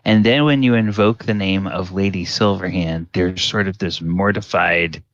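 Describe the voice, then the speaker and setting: A man narrating as game master, unhurried and full of fillers. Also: low voice, fairly even intonation, fairly bright tone. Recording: dull lo-fi sound.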